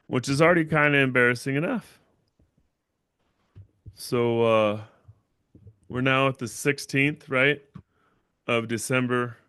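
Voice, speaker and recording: Bright, crisp-voiced man telling a story. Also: mid-range voice, no room sound, clean studio sound. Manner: rambling, repeats himself, fillers like "right?". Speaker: channel owner and livestream host. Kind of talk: casual livestream storytelling.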